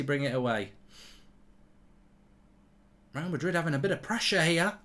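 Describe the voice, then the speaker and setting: A man hosts a live football watchalong, talking bluntly and reading viewer comments aloud in casual stream chatter and commentary. His voice sits a little high and is expressive, pushed and bright, moving at a moderate pace with frequent pauses.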